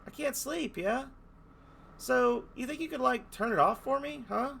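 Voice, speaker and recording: A man voicing a bullying male ice dolphin monster with a put-on Australian accent, gruff and threatening. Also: very high voice, unhurried, a bit bright, a little hiss or hum, pitched above the performer's own voice, full character voice. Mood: menacing.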